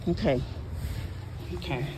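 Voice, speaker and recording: A tired public housing tenant walks with a cane among the housing buildings, filming a casual vlog on a handheld phone. She speaks slowly and indignantly repeats her complaints over heavy background noise.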